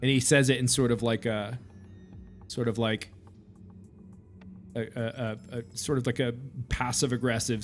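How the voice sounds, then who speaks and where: A man's voice: mid-range voice, fairly bright tone. A man narrating a tabletop game as game master, in a casual, hesitant way with many fillers.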